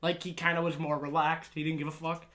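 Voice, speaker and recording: Bright-voiced young man telling stories. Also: on the high side, level tone, fast. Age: young adult. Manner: profane, laughing anecdotes with acted-out quotes. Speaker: podcast co-host. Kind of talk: casual storytelling chat.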